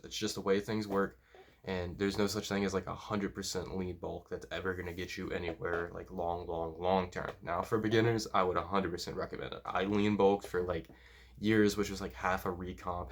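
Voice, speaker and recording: A man's voice: low-pitched, slight background noise. A man giving casual, blunt, profanity-laced lifting and diet advice as a powerlifting coach. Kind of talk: casual talking-head advice.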